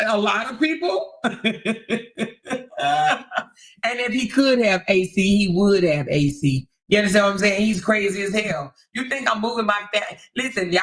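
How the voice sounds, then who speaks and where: A woman's voice: medium pitch, a bit bright. A woman hosting a livestream, commenting on clips in a teasing, profane way with frequent laughter. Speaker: host.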